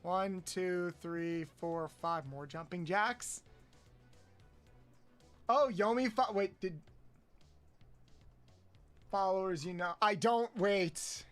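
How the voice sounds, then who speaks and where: A man streaming a game, counting aloud, swearing often and yelping high when frustrated. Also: slow, long pauses, fairly bright tone, soft background music. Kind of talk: casual live-stream chat while playing.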